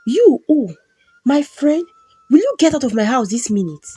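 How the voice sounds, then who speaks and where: A man's voice: sits high, animated, moderate pace, mellow, slightly rough, no room sound. A woman doing an emotional husband. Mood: angry. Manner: emotional, pleading. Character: bewitched husband, confused then remorseful.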